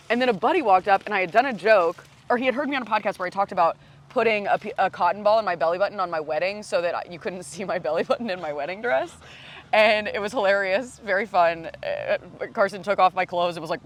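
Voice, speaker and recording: Woman, 30s, comedian guest; chatty, lively storyteller who laughs a lot and swears freely. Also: mid-range voice, quick pace. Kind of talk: casual podcast chat.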